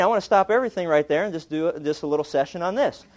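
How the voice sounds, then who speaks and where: Guy preaching, jokey storytelling, kinda high voice, lively. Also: racing. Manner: humorous storytelling, animated. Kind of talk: sermon.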